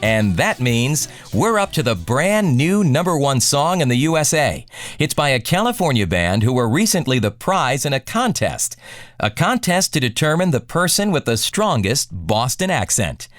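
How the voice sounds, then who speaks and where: A man hosting a radio countdown show, reading scripted song intros in a smooth announcer delivery. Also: medium pitch, sing-song, normal speed, fairly bright tone, dry recording.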